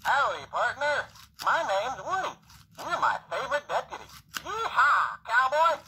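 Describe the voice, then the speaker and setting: A man's voice: extremely high pitch, sing-song, unhurried, sharp tone, slight background noise, exaggerated voice, low-quality recording. A man voicing a cheerful cartoon cowboy toy in short voice box phrases, with a hearty folksy drawl.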